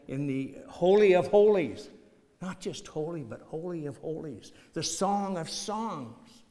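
A man's voice: medium pitch, darkish tone. A man preaching an expository sermon, reading scripture aloud and repeating phrases for emphasis. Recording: long hall reverb.

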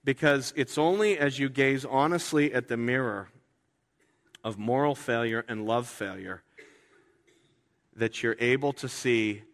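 A man preaching a sermon as pastor, talking in a conversational way and acting out quoted voices with sudden jumps in pitch. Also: unhurried, long pauses, a bit bright. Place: church sanctuary. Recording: reverberant hall.

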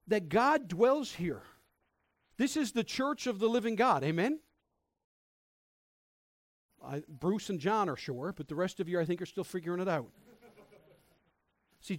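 High-voiced man preaching a sermon. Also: no room sound. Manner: conversational, emphatic preaching with scripture quotes. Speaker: pastor. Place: church.

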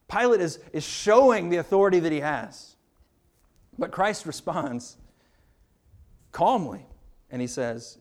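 Male pastor preaching a sermon, earnest and emphatic with repeated words, voice sitting a touch high. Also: lively intonation, normal speed.

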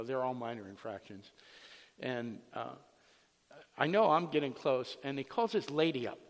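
A man preaching a sermon as a pastor, telling a personal anecdote in a lively, animated storytelling manner. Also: medium pitch, big-room sound.

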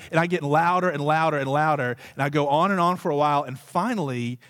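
A man's voice: fairly high pitch, quick pace, hardly any pauses, fairly bright tone, no echo, studio quality. Humorous storytelling pastor, a man. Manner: humorous, self-deprecating storyteller; conversational, rambling asides. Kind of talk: sermon with a personal anecdote.

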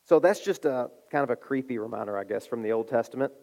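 A middle-aged man preaching a sermon, telling a story with animated delivery and acting out the voices. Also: mid-range voice, brisk. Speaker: pastor.

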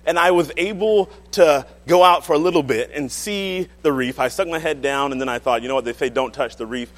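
Animated male pastor in a reverberant hall. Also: on the high side, a little fast. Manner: animated storytelling with frequent laughter. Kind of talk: sermon with personal story.

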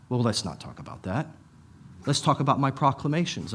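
A middle-aged pastor giving a conversational sermon, with emphatic repetitions and casual asides. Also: male voice, mid-range voice, very animated, fairly quick.

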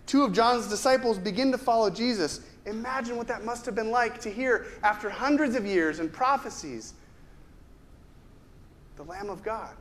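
A man with a notably high-pitched voice delivers a sermon. He speaks conversationally, often posing rhetorical questions to the congregation and doubling back on a word now and then. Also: moderate pace, fairly bright tone. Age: adult with a ten-year-old son. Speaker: pastor.

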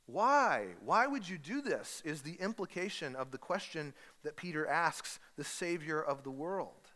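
Man, pastor, sermon, storytelling, bright forceful voice, fairly high pitch. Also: a little slow, hardly any pauses, long reverb tail. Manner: storytelling, animated, acts out voices with humor. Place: church hall.

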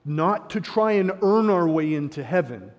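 A man delivers a sermon with a fairly high voice. He swings from hushed, reflective passages to emphatic, driving points. His words ring out with a long reverb, as if in a large sanctuary. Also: expressive, moderate pace, dull audio. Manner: sarcastic paraphrasing of opponents. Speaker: preacher.

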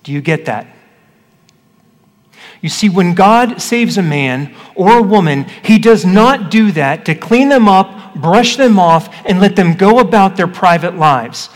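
Pastor with a high voice in a reverberant hall. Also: male voice, expressive, measured pace. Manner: conversational, asks the congregation questions. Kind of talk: scripture reading and sermon teaching. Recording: echoey hall with long reverb.

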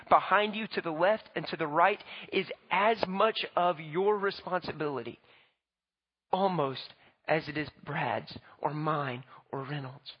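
A man preaching in a church with a high, slightly husky voice. He speaks emphatically but conversationally to his congregation. The sermon recording sounds dull and lo-fi. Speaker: pastor.

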